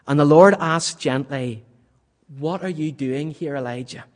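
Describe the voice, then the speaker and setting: A man preaching a sermon in a church, swinging from loud, vivid passages to hushed, almost whispered questions. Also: medium pitch, in a large hall.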